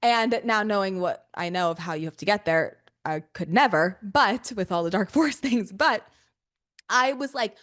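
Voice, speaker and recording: A young adult woman hosting a podcast, talking in an animated, profane, casual monologue with quick bursts and playful asides. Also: mid-range voice. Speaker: podcast host.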